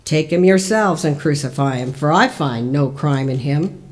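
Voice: medium pitch, animated, moderate pace, close to an everyday voice. A church lector reading the part of a Roman governor questioning a prisoner, lifting the voice on the questions. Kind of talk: liturgical Scripture reading.

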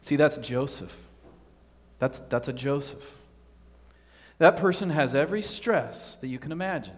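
A man's voice: fairly high pitch, animated, normal speed. Earnest male pastor preaching in a reverberant church. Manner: earnest, asks the congregation rhetorical questions. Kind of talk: sermon.

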